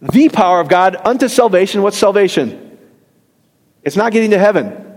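A man's voice: high-pitched, expressive, normal speed, a little mellow. A middle-aged man preaching a joking, conversational sermon, often asking the congregation questions and laughing at his own jokes. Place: church hall. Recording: long reverb of a hall.

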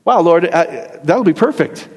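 A middle-aged man delivers a joking, conversational sermon in a church hall, frequently questioning the congregation and laughing at his own jokes. His voice is on the high side and expressive, his pace measured, and the hall's long reverb fills the recording.

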